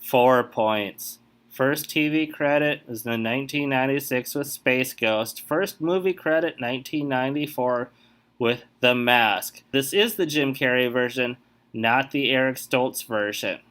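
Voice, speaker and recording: A man hosting a casual podcast quiz game, reading out clues and rules in an emphatic, animated way. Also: mid-range voice, measured pace.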